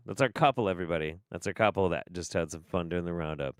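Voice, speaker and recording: A man's voice: low-pitched, fast talker, smooth, no room sound, studio quality. A man hosting a casual commentary stream, swearing and laughing, with an exasperated delivery. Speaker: streamer host.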